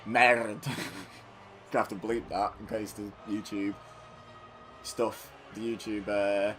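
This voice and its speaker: A man's voice: fairly low pitch, flat delivery, takes it slowly, faint music behind. Chatty man calling game matches. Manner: chatty and self-mocking, riffing between play-by-play calls. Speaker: gaming channel host. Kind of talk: video game commentary.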